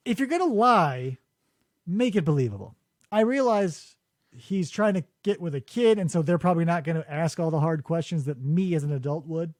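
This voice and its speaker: Podcast host, male, high lively voice, mocking riffs, dry studio sound. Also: no echo. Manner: animated, mocking impressions. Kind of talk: casual comedic chat. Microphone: studio mic.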